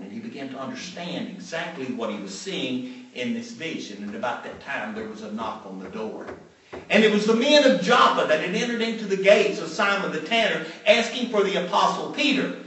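Emphatic preacher with a big echo. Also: male voice, a little high, fairly bright tone. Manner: storytelling, emphatic repetition. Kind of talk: sermon. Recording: very echoey room, mic far off.

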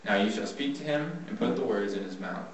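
A man with a fairly low voice gives an earnest devotional Bible talk, reading scripture slowly and then explaining it in plain everyday words. He is heard from a distance in a very echoey room. A faint hiss sits under his voice. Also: lively intonation. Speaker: speaker giving a Bible talk.

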